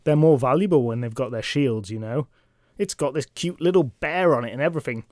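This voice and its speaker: A man's voice: mid-range voice, a little fast, darkish tone, no room sound, studio quality, close to an everyday voice. A man voicing a petulant, possessive knight who collects captured knights, with a childish, whiny way of talking. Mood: gloating.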